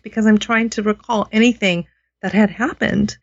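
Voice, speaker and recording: A woman's voice: a little high, fairly even intonation, moderate pace, muffled recording. A woman guest telling a story in a rambling way, often restarting her sentences, over a Skype call. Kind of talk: casual storytelling.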